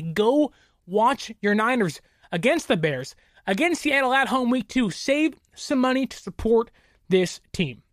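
A woman hosts a casual sports podcast. She sounds animated and opinionated and jokes between her points. Her voice sits a bit high, and the recording is dry and close. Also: no echo. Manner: animated, opinionated, quick to joke. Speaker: podcast host.

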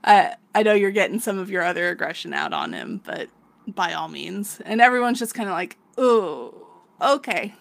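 Woman on a podcast going over a manga, low gravelly voice, laughs a lot, swears, does the characters' lines. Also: wildly swooping pitch, a little fast. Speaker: podcast co-host. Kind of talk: casual chat recapping a manga.

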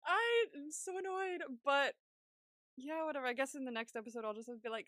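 Bright chatty young woman podcaster. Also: sits high, expressive, moderate pace, pauses often, no echo, clean studio sound. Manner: chatty, laughs often, acts out her own reactions. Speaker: podcast co-host. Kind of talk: casual chat.

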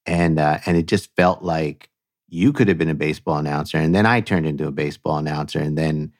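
A man with a very deep voice trades wry, easygoing banter as a podcast co-host. The recording is dry and close, with no room sound. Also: fairly quick, no echo. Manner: wry, conversational, plays the straight man. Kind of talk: casual comedic chat.

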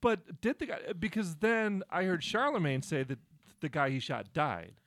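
Male talk show guest, lively up-and-down voice, dry studio sound. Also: a little high, moderate pace, no room sound. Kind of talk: casual studio banter.

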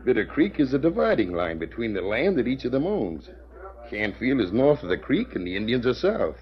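A man's voice: mid-range voice, sing-song, fairly quick, lightly acted. A man playing a folksy, blustering henchman. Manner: folksy drawl. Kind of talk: 1940s radio acting. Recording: dull lo-fi old radio recording.

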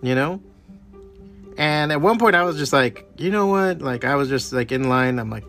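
A middle-aged podcast host from the Miami area rants alone in a heated, profane, animated way, telling stories as faint music plays behind him. His voice is a little high and gravelly, and he talks at a normal speed. It's a casual solo rant.

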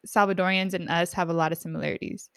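A woman from Honduras chatting as a podcast guest, playful and quick to laugh, slipping Spanish into her English. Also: on the low side, fairly even intonation, creaky, a bit bright, smooth, no echo, clean studio sound. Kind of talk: casual chat.

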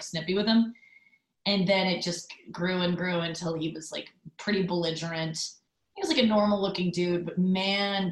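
A woman's voice: fairly low pitch, roomy sound, poor audio. Chatty woman telling a story. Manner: chatty storytelling, loose fillers, quick asides. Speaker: podcast host. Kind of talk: casual monologue.

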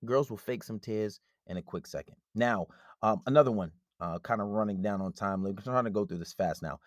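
A man talks straight into the mic in a dry, close setting, handing out blunt dating advice in a loose, chatty monologue. He slips into quick impressions of conversations as he explains his points. His voice sits at an ordinary middle pitch. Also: a bit bright, no room sound. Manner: blunt, conversational, acts out quoted dialogue. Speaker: podcast host. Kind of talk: casual relationship advice monologue.

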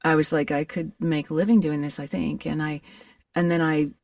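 A woman voice actor talking in an interview in an earnest, animated way, with quick bursts of enthusiasm. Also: sits low, dry recording, recorded from a distance. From Alabama. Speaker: voice actor guest. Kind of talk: reflective interview chat. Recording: voice a bit away from the mic, dry.

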